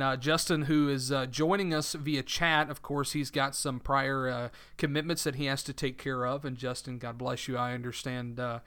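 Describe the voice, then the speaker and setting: A man's voice: mid-range voice, bright, forceful tone, clean tone. A man with a Southern US accent hosting a faith talk show, speaking casually with many hesitations and restarts. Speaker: radio show host.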